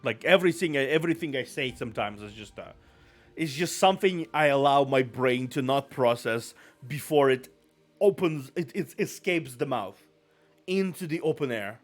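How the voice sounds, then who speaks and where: A man's voice: medium pitch, lively intonation, moderate pace. A man chatting casually on a live stream, rambling and self-deprecating, apologizing often.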